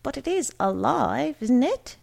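A fussy, excitable mother, voiced by a woman storyteller. She frets quickly over everything, her voice gravelly and her delivery slow. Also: high-pitched, pitched above the performer's own voice, exaggerated voice. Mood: fussing. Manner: quick, fussing.

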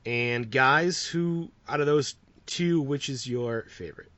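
A man's voice: medium pitch, takes it slowly, dry recording. Laid-back man hosting a podcast. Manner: laughs often, relaxed and rambling. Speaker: podcast host. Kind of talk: casual podcast chat. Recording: dull lo-fi sound.

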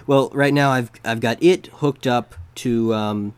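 Over a remote call, a male podcast host runs a relaxed interview full of jokes and self-mockery, captured with a handheld recorder mic. He talks slowly in a medium-pitched, darkish, smooth voice.

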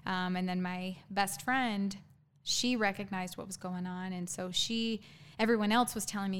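A woman guest in an interview telling her own story candidly, halting, with frequent ums and restarts. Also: mid-range voice, clean tone.

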